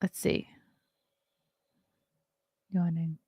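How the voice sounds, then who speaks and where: Gravelly-voiced woman hosting a livestream. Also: low-pitched, flat delivery, drawn-out words, warm tone, no echo, clean studio sound. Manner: chatty, reads aloud and reacts, yawning. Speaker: host. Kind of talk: casual solo livestream chat.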